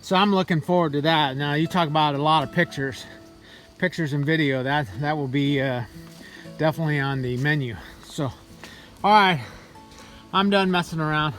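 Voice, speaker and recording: Chatty high-voiced man hiking a trail. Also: normal speed, soft background music. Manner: chatty, animated storytelling. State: slightly out of breath. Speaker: hiker vlogger. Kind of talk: casual vlog talk while hiking. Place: outdoors on a mountain trail.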